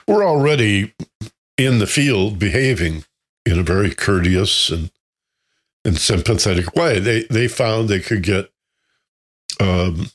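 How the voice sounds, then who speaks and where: A man's voice: lowish voice, breathy edge. A man teaching a self-development class who tells anecdotes, chuckles and asks rhetorical questions.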